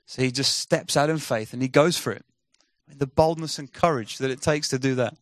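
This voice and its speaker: Man, sermon storytelling, animated, acts out quotes, dry recording. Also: mid-range voice, normal speed, no room sound. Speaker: missionary speaker.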